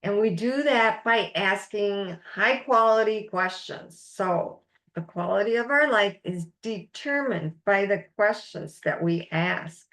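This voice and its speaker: A woman's voice: mid-range voice, takes it slowly, fairly bright tone. A woman life coach teaching a recorded masterclass, speaking in an encouraging, emphatic way and stressing key words.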